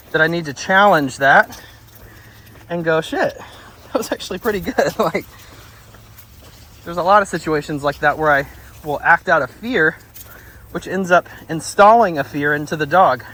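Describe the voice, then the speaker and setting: A man working as a dog trainer. He talks outdoors in a relaxed, chatty way, explaining his methods and often praising the dog. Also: fairly high pitch, poor audio. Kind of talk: casual explanation on a training walk.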